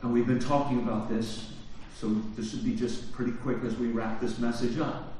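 A man preaching a sermon, asking the congregation questions and swinging from hushed, low phrases to loud shouts. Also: fairly even intonation, moderate pace, slight background noise. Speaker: pastor. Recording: very echoey hall from far off.

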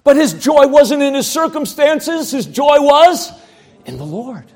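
A male pastor preaching a sermon, swinging from loud outbursts to quiet asides. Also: very high voice, expressive, a little slow.

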